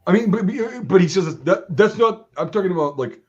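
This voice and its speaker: A man's voice: sits high, brisk. Profane man telling army stories. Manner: swears freely, animated storytelling with voiced quotes. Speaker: podcast host and army veteran. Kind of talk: casual profane chat and war stories. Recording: slightly dull lo-fi audio.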